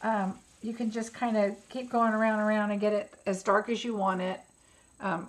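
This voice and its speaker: A woman hosts a relaxed craft tutorial at an ordinary pitch. She talks viewers through each step in a chatty, instructive way, musing aloud about her choices as she works. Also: normal speed, a little hiss or hum, low-quality recording. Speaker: craft demonstrator.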